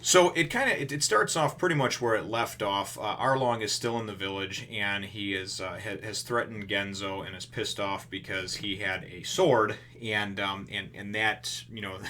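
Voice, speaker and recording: A man's voice: lowish voice, normal speed, pushed and bright. A man casually talking through a comic chapter for his channel, rambling with lots of fillers and restarts and swearing freely. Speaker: video reviewer. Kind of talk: casual chat.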